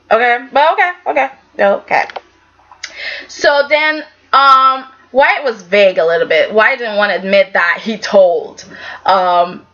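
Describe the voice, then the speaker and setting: A woman's voice: sits high, pushed and bright, muffled recording. A woman giving a casual, sassy recap of a soap opera episode, talking back to the characters.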